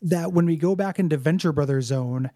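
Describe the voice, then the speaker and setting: A man on a podcast, casually recapping a cartoon episode, halting with restarts and blunt, profane remarks. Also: a little high, mellow, dry recording, studio quality. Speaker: podcast co-host.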